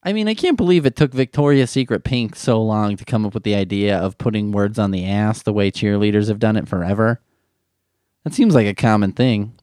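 A man's voice: lowish voice, brisk, warm tone, no room sound, studio quality. A man riffing comedically in a rambling, sarcastic way, swearing often.

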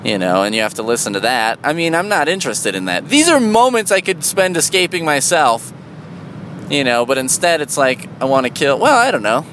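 A man in a casual, rambling monologue, sardonic and full of swearing, jumping into a high, loud voice for emphasis. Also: sing-song, a little fast, a little hiss or hum.

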